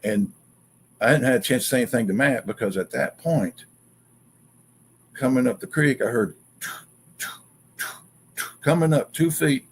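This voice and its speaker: Gravelly man telling an excited story. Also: mid-range voice, a little slow, long pauses. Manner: animated, acts out quotes and sounds.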